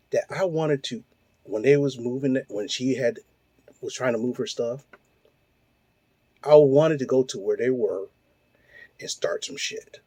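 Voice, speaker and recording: A man's voice: mid-range voice, a little mellow, slightly rough, no echo. A man in his forties hosting his own show, delivering a blunt, profane, heated rant full of rhetorical questions. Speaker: host. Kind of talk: ranting monologue.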